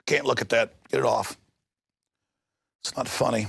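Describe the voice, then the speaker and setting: A man hosting a news commentary show, ranting with passion and bursting into shouts. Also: mid-range voice, steady tone, moderate pace, creaky, pauses often, breathy edge, dry recording, studio quality. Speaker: talk show host. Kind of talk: heated news commentary monologue.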